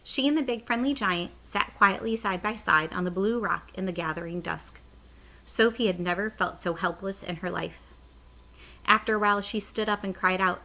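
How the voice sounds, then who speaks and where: A woman teacher reading a children's book aloud, with clear, expressive storytelling. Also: on the low side, normal speed, rough recording.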